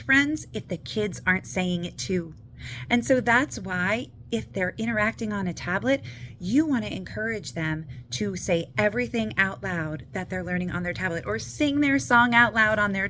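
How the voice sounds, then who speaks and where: A woman's voice: mid-range voice, a bit bright, slight background noise. Upbeat, encouraging woman reading teacher. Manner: upbeat and encouraging, stresses key words. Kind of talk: educational talk to parents.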